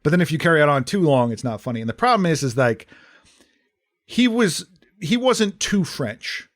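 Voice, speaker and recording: A man co-hosting a podcast, discussing a film in a measured, wry way with frequent fillers. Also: fairly high pitch, sing-song. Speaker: podcast co-host. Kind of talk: casual film review chat.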